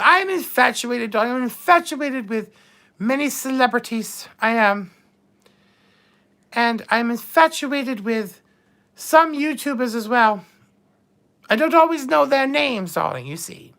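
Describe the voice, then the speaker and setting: Her voice sits high and a bit bright as she hosts a live stream in character. She plays a vain, coquettish mature duchess who drawls "darling" and bandies bawdy innuendo with the chat.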